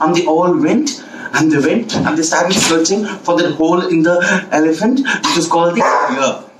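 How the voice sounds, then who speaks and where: A man, telling a story to children in a playful, animated way, repeating words and asking listeners questions. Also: fairly high pitch. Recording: echoey room from a distance, faint background hiss.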